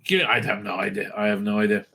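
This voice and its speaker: A man's voice: lowish voice, level tone, quick pace, gravelly, sharp tone, husky. A man hosting his own channel, giving angry, profane reaction commentary over clips, full of sneers and stammered fillers.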